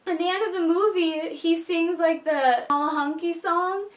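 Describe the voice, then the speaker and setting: A high-pitched woman talks through a book-and-movie review, chatty and openly emotional. Her voice sits a little back from the mic. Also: fairly even intonation, moderate pace, distant mic. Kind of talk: casual vlog review.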